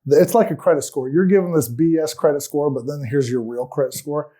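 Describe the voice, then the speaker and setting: A man, a guest on a talk show, earnestly recounting a personal ordeal in an aggrieved tone, often trailing off quietly at the ends of sentences. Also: on the high side, brisk.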